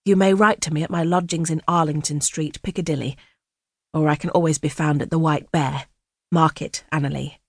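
A falsely fatherly older man, as a woman reader puts him on, murmuring low and urgent and coaxing. The voice is fairly low, set in a dry, close storybook reading. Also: steady tone, moderate pace, dry recording. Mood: ingratiating.

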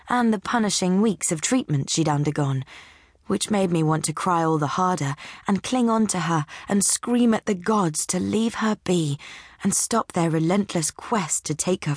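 A woman reading a novel aloud in the first person, with wry, measured storytelling. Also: on the low side, dry recording, studio quality. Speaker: audiobook narrator.

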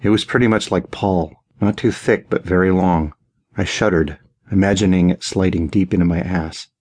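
A man narrating a first-person audiobook in a very deep, husky voice. His delivery is intimate and measured. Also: steady tone, darkish tone.

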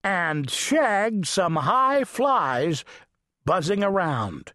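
A man reads a children's storybook aloud, slowly and with lots of playful rise and fall in his voice. The studio sound is dry and close, with no room around him. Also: fairly high pitch, dry recording. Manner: animated, playful read-aloud. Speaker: audiobook narrator.

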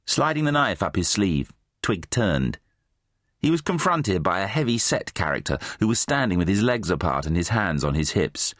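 A man's voice: deep voice, moderate pace, dry recording, clean studio sound. A man narrating a children's fantasy audiobook, reading expressively. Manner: expressive, voices many characters. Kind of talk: scripted storybook narration.

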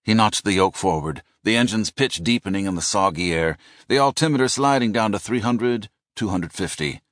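A man narrating a thriller audiobook in a measured, descriptive manner. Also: on the low side, lively intonation, fairly bright tone, no room sound, studio quality. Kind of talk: scripted narration.

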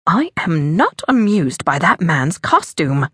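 A woman's voice: low-pitched, sing-song, takes it slowly, a bit bright, husky, no echo, studio quality, exaggerated voice. A woman voicing a stern, proper wealthy society mother who disapproves easily, in an audiobook. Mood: disapproving.

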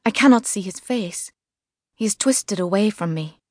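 A woman reading a first-person novel as narrator, measured and vivid. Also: medium pitch, expressive, darkish tone, no room sound, studio quality. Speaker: audiobook narrator. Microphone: studio mic.

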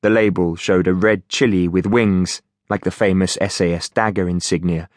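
A man reading an audiobook as narrator in a steady, measured way. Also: sits low, dry recording, studio quality. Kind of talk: scripted narration.

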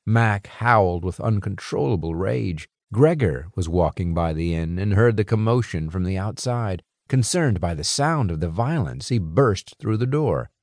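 Male narrator, low and lively, dramatic fantasy read, dry studio. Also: moderate pace, few pauses, dry recording. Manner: dramatic, expressive. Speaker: audiobook narrator. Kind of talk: scripted narration. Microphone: close studio mic.

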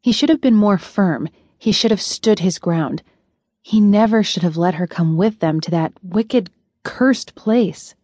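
A woman narrating a novel in a measured, even storytelling voice. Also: fairly low pitch, no echo, studio quality. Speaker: audiobook narrator. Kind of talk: scripted narration.

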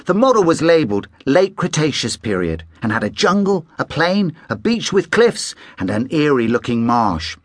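A man narrating a children's audiobook in an animated storytelling manner, close on a studio mic. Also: on the high side, moderate pace, few pauses, dry recording.

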